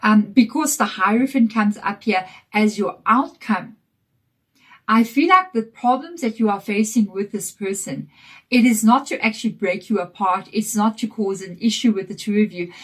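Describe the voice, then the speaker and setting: A woman giving a casual tarot reading to camera, croaky from a chesty cold, reassuring and direct. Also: medium pitch, normal speed, fairly bright tone. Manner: reassuring and direct, checking in with "okay?". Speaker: tarot reader.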